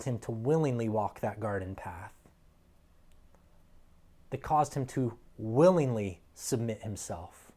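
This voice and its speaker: A pastor preaching a sermon, earnest and emphatic, dropping to soft, quiet phrases and rising to strong peaks. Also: male voice, on the low side, animated, slow pace, pauses often.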